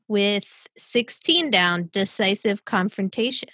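Playful woman host, clue-reader, bright voice, dry booth sound. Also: mid-range voice, a little slow, few pauses, no echo. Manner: playful, wordplay-loving. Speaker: podcast host. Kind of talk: casual chat, reading crossword clues.

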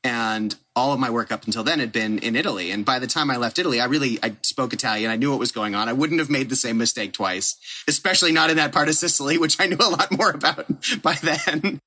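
A middle-aged man, a podcast guest telling an animated, self-deprecating story and laughing at himself. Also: mid-range voice, quick pace, hardly any pauses. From United States.

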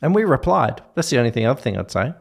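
Gravelly Australian man, teasing tone. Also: medium pitch, very animated, fast talker. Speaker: podcast co-host. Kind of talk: casual chat.

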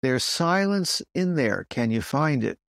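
A man with a French accent, a Zen teacher talking through ideas on a podcast, stressing points with pauses. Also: medium pitch, vocal fry, no room sound, clean studio sound. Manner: animated, pausing to stress points.

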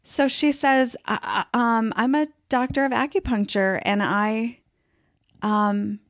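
Speaking slowly in a fairly high, fairly even voice, a woman recounts her personal story during a casual podcast interview. She's chatty, uses many fillers, and sometimes voices what others told her, all in clean studio sound with no room tone.

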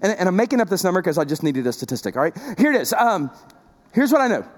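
A man preaching a sermon with a strikingly high, lively voice that swoops up and down. He talks to the congregation in a conversational, emphatic way, repeating himself and adding asides, and his voice rings out with a long reverb in a large church hall. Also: quick pace. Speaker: pastor.

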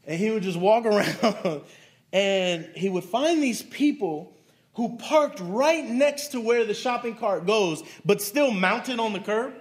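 A pastor preaching to his congregation, his voice sitting high for a man. He delivers the sermon conversationally, weaving stories into it. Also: slow pace. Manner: conversational preaching with storytelling asides.

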